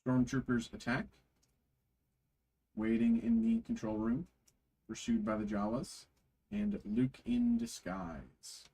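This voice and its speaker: Slow gravelly man reading card names. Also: medium pitch, big pitch swings, mellow, rough recording. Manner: slow, halting reading with frequent fillers. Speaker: card break host. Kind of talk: reading card names aloud during a live card break.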